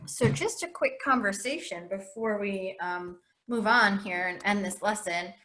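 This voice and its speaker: A woman teacher reads a novel aloud for her class, lending the first-person narrator an expressive, lively delivery. She sounds like she is recording a lesson. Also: mid-range voice, measured pace, slight background noise. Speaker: English teacher.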